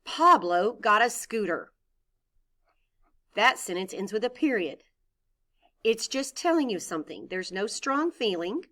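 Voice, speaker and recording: Lively, expressive woman teacher. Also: mid-range voice, a little slow, pauses often. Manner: clear, encouraging, expressive reading voice. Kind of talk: recorded lesson for young children.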